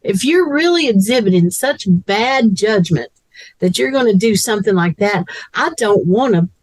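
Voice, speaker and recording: A woman's voice: mid-range voice, animated, normal speed, dry recording, rough recording. A woman co-hosting a casual chat, blunt and opinionated in how she talks. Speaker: co-host.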